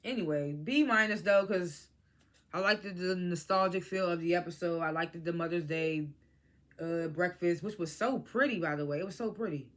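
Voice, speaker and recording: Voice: medium pitch, moderate pace. A vlogger giving a casual, blunt spoken review of a reality TV episode, using speech and acting out what the cast said. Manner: animated, blunt, swears freely, quotes cast members.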